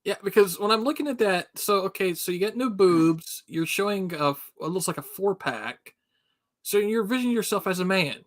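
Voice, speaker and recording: A man with a Southern US accent co-hosting a stream, swearing freely and telling animated stories in casual chat. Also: high-pitched, fairly quick. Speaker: stream co-host.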